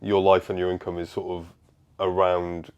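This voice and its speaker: Welsh male guest, very low voice, relaxed conversational tone. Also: moderate pace, clean tone. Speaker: podcast guest. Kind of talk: casual podcast chat.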